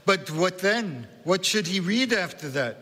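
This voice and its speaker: A man voicing a tiny, pushy old grandmother with a Central European accent, loud and insistent. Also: lowish voice, lively intonation, measured pace, husky, pitched above the performer's own voice, exaggerated voice. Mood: bossy. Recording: long hall reverb.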